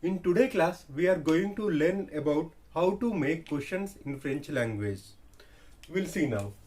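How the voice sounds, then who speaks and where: Slow, lively-toned man teaching French. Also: on the high side. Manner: repeats key words, slow and deliberate. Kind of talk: slow classroom explanation.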